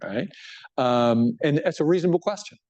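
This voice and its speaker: A man's voice: a little high, moderate pace, muffled recording. A middle-aged man, a bishop, talking casually about his book to an audience, often restarting and checking in with "right?". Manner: conversational, animated, many restarts and "right?" tags. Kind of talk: book talk with audience questions.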